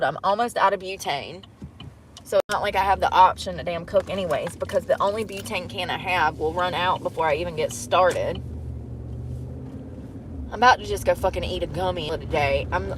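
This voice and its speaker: A woman's voice: fairly low pitch, a little fast, a little hiss or hum. A young woman vlogging from inside a car, rambling and complaining in a blunt, heavily profane way. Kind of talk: casual rambling monologue.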